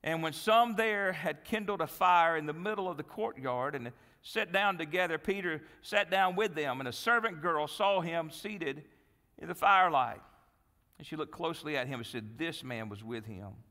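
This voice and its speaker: A male pastor preaches a sermon to his church, his voice bright and forceful and pitched a little high. He tells the Bible story dramatically, swinging from loud, animated passages down to hushed pleas. The sound rings with a long reverb in the church hall. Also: moderate pace. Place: church sanctuary.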